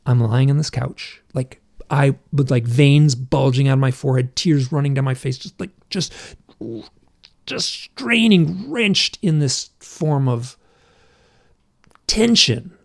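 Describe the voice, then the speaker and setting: Appearing as a guest on a podcast, a middle-aged man recounts something that happened to him in a gravelly, creaky, medium-pitched voice. He keeps stopping and restarting, and when quoting himself he erupts into intense, emotional bursts.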